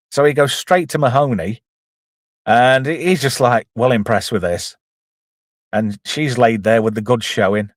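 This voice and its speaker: A man, a film reviewer with his own channel, chats his way through a comedy movie one scene at a time, tossing in self-deprecating remarks. Mid-range voice, normal speed, studio quality with no echo.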